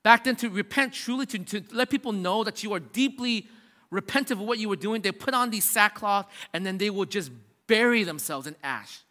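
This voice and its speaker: A man preaches in a high, bright voice, casual and emphatic, stacking repeated phrases as he builds. His words ring out with the long reverb of a big church hall. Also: lively intonation, fairly quick. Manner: casual, emphatic preaching with many restarts and rising repetitions. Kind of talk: sermon.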